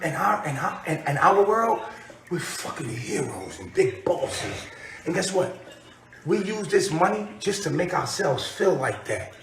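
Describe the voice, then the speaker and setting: A man delivering a rambling, preachy monologue that repeats itself and builds into shouting, recorded far from the mic. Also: high voice, reverberant. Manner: preachy, repetitive, escalating into shouting.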